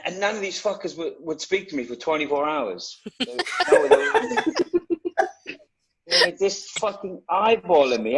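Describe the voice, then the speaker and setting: A man and cast member telling an animated anecdote with heavy swearing and exasperation, acting out the other people's lines. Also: on the high side, slight background noise, rough recording. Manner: acts out other voices, exasperated.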